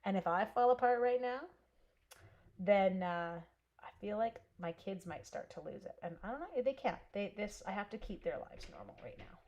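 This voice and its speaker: A woman's voice: mid-range voice, animated, normal speed, a little mellow, dull audio. Chatty woman in her forties crafting live. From Canada. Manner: chatty storyteller, answering viewers by name. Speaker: crafter and schoolteacher hosting a stamping stream. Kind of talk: casual live craft stream chat.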